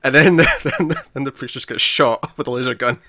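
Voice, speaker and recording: A man's voice: mid-range voice, animated, normal speed, pushed and bright, no echo, studio quality. A man co-hosting a podcast in casual chat, chatty and laughing often, acting out quotes as he talks. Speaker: podcast co-host.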